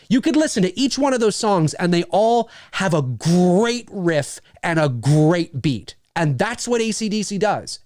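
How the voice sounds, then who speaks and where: A man's voice: high voice, darkish tone, smooth, no room sound, clean studio sound. A man hosting a casual livestream, rambling enthusiastically and swearing freely as he reads viewer messages. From Canada. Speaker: livestream host.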